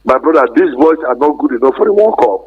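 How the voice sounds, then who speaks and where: Brief: husky male caller, slightly raised pitch, over a dull phone line. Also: animated, fast.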